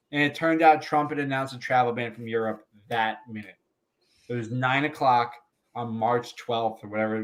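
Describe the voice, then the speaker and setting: Comedian guest, male, loose profane storyteller, average pitch, chatty podcast delivery. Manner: profane, animated anecdote-telling with laughs.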